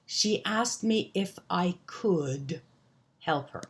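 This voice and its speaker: A woman teaching an English grammar lesson, explaining examples slowly and deliberately. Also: lowish voice, animated. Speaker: ESL teacher.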